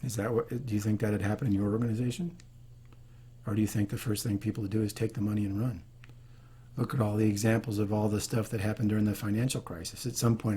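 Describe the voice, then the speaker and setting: A man's voice: lowish voice, mellow, husky. A man hosting a leadership video, talking earnestly and unscripted, with frequent restarts. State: choked up. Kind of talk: unscripted talk to camera.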